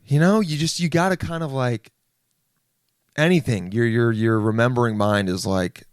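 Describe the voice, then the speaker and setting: A man's voice: mid-range voice, moderate pace, smooth, no echo. Rambling young man, dry close mic. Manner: rambling, mocks others in put-on voices, self-deprecating. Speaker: podcast host. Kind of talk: solo comedic rant.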